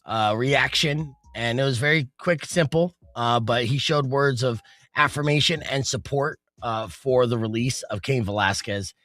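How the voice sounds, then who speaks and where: A man's voice: mid-range voice, measured pace, a bit bright, no room sound. A man hosting a radio talk show, chatting casually and loosely with many fillers. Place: radio studio. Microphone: studio mic.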